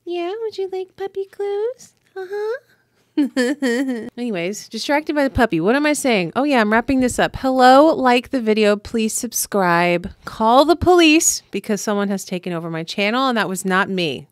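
A young makeup vlogger chats playfully through a casual tutorial, speaking straight to her viewers. Her voice is fairly high and animated, at normal speed with hardly any pauses, and the studio recording is clean with no room sound.

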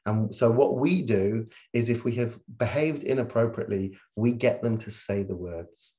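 Animated man telling stories, dull audio. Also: fairly low pitch, moderate pace, hardly any pauses. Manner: animated, swings loud when reliving stories. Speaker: guest speaker, hypnotherapist. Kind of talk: candid conversational storytelling.

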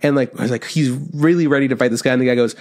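A young man co-hosting a podcast in casual chat, retelling funny scenes with loose swearing and quick put-on voices. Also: medium pitch, a little mellow. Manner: loose, profane, acts out scenes in quoted voices. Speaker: podcast co-host.

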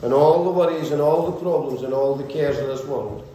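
High-voiced fervent male preacher, echoey hall. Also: brisk, warm tone. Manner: fervent, repetitive rhythmic preaching with rising build-ups. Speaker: pastor. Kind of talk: sermon. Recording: very echoey church hall, faint ambience.

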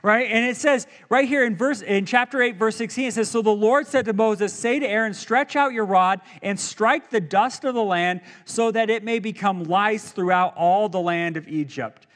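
A male pastor preaching a sermon in a church, animated and jokey, acting out quotes as he goes. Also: high voice, moderate pace, hardly any pauses.

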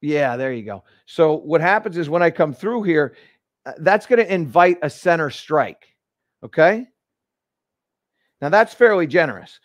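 High-voiced man teaching golf live. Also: a little slow, long pauses, no room sound, clean studio sound. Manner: energetic, explains step by step with many restarts. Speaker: golf instructor and show host. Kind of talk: live instructional demonstration.

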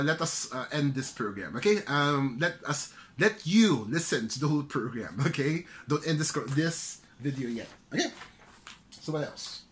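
A man's voice: on the high side, sharp tone. A middle-aged Filipino man giving loose, chatty career tips, often checking in with "okay?". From Philippines. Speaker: career trainer. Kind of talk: casual instructional vlog.

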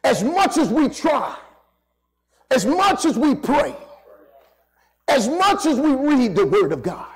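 A male preacher with a strikingly high, gravelly voice delivers an impassioned church sermon. He speaks slowly, leaning hard on key words and urging the congregation to say amen. His pitch swings widely as he preaches. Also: sing-song, poor audio. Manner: impassioned, drawn-out emphasis, calls for amens. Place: church sanctuary.

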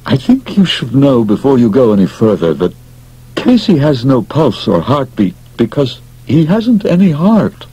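A man reading an audiobook voices a kindly, wise old scientist. His delivery is quiet and firm. The tone is husky and mellow. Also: mid-range voice, wildly swooping pitch, a little slow, pitched above the performer's own voice, heavily acted, rough recording. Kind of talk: audiobook character voice.

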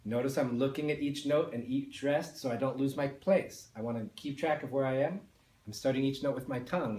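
Male band teacher, mid pitch, calm and step-by-step, roomy echo. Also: brisk. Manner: explains step by step, counts and sings along. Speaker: music teacher. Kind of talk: patient beginner instrument lesson.

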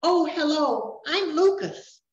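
Grandmother doing a scared little boy, high thin voice, echoey room. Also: lively intonation, slow. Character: young human boy, scared and tearful. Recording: roomy, dull recording.

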